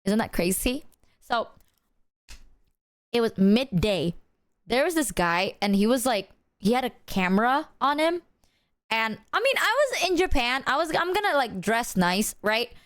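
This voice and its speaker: A young woman streamer telling a story to her chat in a casual, animated way, full of "like" and the odd swear word. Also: on the high side, measured pace, long pauses, no room sound. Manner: animated, chatty, heavy filler "like", swears.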